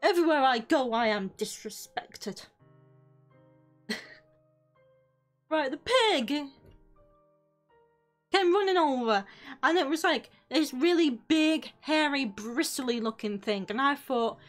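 A woman's voice: sits high, expressive, measured pace, pauses often, faint music behind. A young British woman streamer telling a rambling, sweary story, often breaking off mid-sentence. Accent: British English. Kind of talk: casual storytelling on a live stream.

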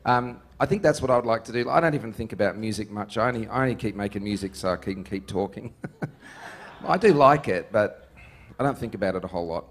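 A man, a musician being interviewed. He tells stories in an animated, joking way and laughs often. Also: fairly low pitch, a little fast. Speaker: musician guest. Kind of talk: casual interview storytelling.

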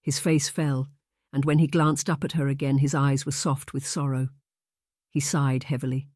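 In scripted narration of a historical romance audiobook, a man tells the story in a measured, even way. His pitch is medium, and the studio-quality recording carries no room sound.

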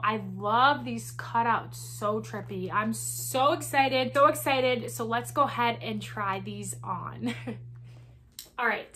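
A woman vlogger reviewing shoes in casual chat, excitable and giggly, full of "like" and "um", a bit out of breath. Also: on the high side, a little hiss or hum. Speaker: fashion vlogger. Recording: echoey indoor room.

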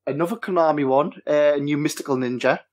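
A man's voice: fairly high pitch, fast, a little mellow. A man hosting a casual podcast chat, hesitant with many restarts. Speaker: podcast host.

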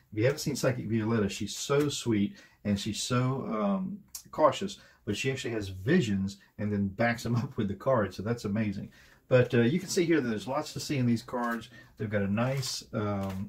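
A man with a lowish voice gives a casual, rambling tarot reading, talking through each card with plenty of hesitations and fillers. There is a little hiss or hum in the recording.

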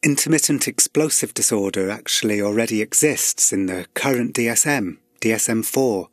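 A man's voice: lowish voice, moderate pace. A middle-aged man presenting a radio programme, curious and reading out diagnostic criteria. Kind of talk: interviewing.

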